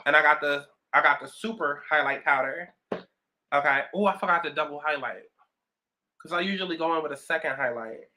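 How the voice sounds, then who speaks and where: Deep-voiced, brisk, pushed and bright, this New York-accented woman of about thirty is a vlogger doing her makeup at home. Her get-ready-with-me chat is casual, sassy and full of profanity.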